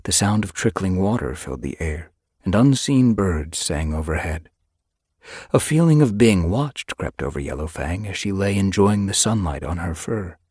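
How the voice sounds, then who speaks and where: A man with a deep, slightly husky voice reads an audiobook in an expressive storytelling style. His delivery swings widely in pitch, and the studio recording is dry and close. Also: normal speed, no echo. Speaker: audiobook narrator. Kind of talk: scripted narration.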